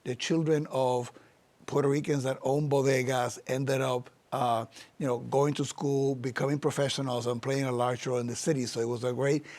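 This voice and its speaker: A man's voice: mid-range voice, little pitch movement, moderate pace, darkish tone. A man hosting a conversational interview, affirming his guest and asking long questions. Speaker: interview host, university chancellor.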